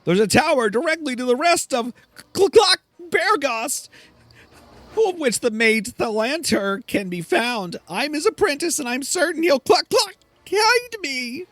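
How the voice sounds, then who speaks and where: A pompous male chicken mage squawks out old-fashioned speech through a very high, shrill voice. Clucks break into his words while his pitch leaps about. The sound is dry and close. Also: very animated, a little slow, a bit bright, no room sound, heavily acted. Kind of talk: video game voice acting.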